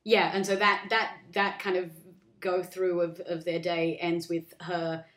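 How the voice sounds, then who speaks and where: A woman chatting casually as a co-host, telling a story and acting out the characters' lines in quick voices. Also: lowish voice. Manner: animated, acts out characters' lines in quick voices, swears freely. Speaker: podcast co-host pitching a film story. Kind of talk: casual chat. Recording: roomy echo.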